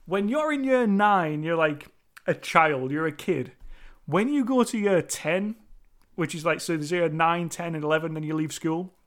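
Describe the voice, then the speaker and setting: A man's voice: fairly high pitch, expressive, normal speed, a bit bright. Chatty British man reviewing a film. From United Kingdom. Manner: loose and chatty, with many restarts, casual swearing and laughter. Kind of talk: casual rambling commentary.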